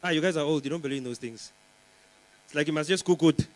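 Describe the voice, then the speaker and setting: A young man working a stand-up set on a conference stage, his voice sitting a little high for a man. He rambles along with plenty of "um" and "you know," teasing the audience between jokes. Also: quick pace, no room sound, poor audio. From Namibia. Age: young adult. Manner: chatty, rambling, teasing the crowd with lots of fillers. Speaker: stand-up comedian.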